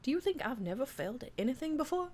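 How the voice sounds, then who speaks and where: A woman with a Southern accent voicing a proud older male Southern gentleman chef, talking in an earnest, grandiose way. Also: high-pitched, big pitch swings, fast, slight background noise, voice pushed up.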